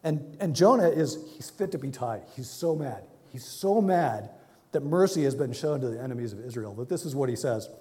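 A man preaches to his congregation in an easygoing, conversational way. His voice sits at a middle pitch, and a long reverb trails behind it as it fills a large hall. When he tells a story, he acts out the figures in it with a raised voice. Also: expressive, moderate pace, mellow. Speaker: pastor. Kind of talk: sermon.

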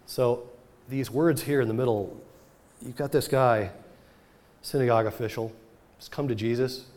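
A man pastor giving a sermon, reading scripture and retelling it with animated storytelling, dropping his voice soft for the dramatic moments. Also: on the low side, a little hiss or hum.

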